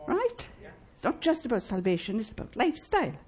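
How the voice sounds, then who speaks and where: A woman preaching a sermon in church, emphatic and lively, asking the congregation rhetorical questions. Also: a little high, brisk, breathy edge.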